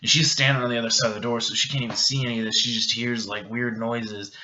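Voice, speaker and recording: Drunk man, rambling, joking, bright forceful voice, dull lo-fi recording. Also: mid-range voice, level tone, fast, slight background noise. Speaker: vlogger. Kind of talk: drunken film recap.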